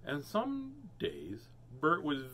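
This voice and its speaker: A man's voice: a little high, wildly swooping pitch, slow, fairly bright tone, a little hiss or hum. A man hosting a read-aloud of children's books, playful with jokey asides between pages. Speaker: host reading children's books.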